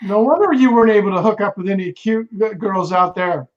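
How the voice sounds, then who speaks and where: A man's voice: high-pitched, a little fast. A man hosting a casual livestream chat, easygoing and laughing along with his guest. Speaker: livestream host. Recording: dull lo-fi audio.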